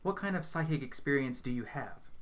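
A man's voice: mid-range voice, lively intonation, brisk, voice pushed up, lightly acted. A man voicing a skeptical, grudging young man who questions a fake psychic.

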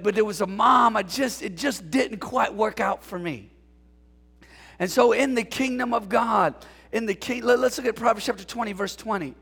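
High, gravelly-voiced preacher in a hall. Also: male voice. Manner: animated, call-and-response preaching with jokes. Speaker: pastor. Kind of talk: sermon. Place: church sanctuary.

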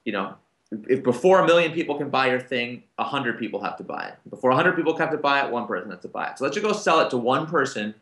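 A man on a conference panel, talking through a business story and slipping into the voices of the people in it. His pitch sits in the ordinary middle range, and the sound carries a roomy echo. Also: fast talker. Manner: animated, acts out quoted dialogue. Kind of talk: anecdotal storytelling to an audience.

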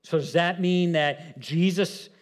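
A middle-aged male pastor giving a conversational sermon, often repeating words and rising in pitch when he makes a point. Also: fairly even intonation, takes it slowly.

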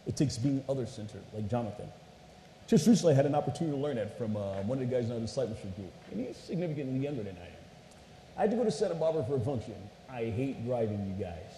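A man's voice: mid-range voice, sing-song, quick pace, dark tone. A man preaching a casual storytelling sermon, chatty and playful, often saying "you guys" to the crowd. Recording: echoey hall with faint noise.

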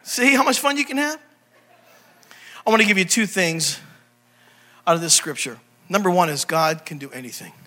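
A man preaching in a church, his voice high and bright as he jokes and keeps quizzing the congregation. His delivery is animated and playful, quick to switch from banter to scripture. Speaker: pastor. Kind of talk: humorous sermon.

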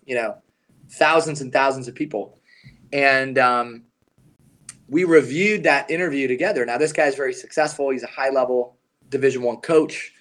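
A man co-hosting a podcast, telling a coaching story in an earnest, emphatic way and slowing down on his key points. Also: mid-range voice, fairly bright tone. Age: adult, past his young advisor years. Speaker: podcast co-host, advisor coach.

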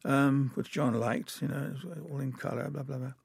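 A man's voice: mid-range voice, little pitch movement, fairly quick, vocal fry, breathy edge, no echo. An older man from England, an animator, telling rambling, chuckling anecdotes in an interview.

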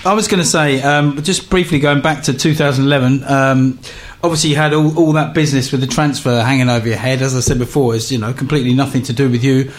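A man co-hosts an interview in a voice of middling pitch. He asks his questions in an easygoing, conversational way. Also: fairly even intonation, fast, few pauses. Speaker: co-host. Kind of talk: casual interview chat.

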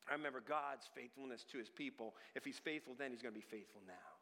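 A man's voice: mid-range voice, expressive, quick pace, bright, forceful tone, in a large hall. A man preaching a sermon as pastor, who acts out whiny children and parents in little scenes.

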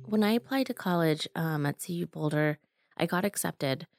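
Young woman telling her story, low voice, earnest and emotional, lots of likes and ums, music playing behind. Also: animated, moderate pace, creaky, no echo, clean studio sound. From Colorado. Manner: earnest, emotional, many fillers. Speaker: community organizer. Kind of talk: personal story in an interview.

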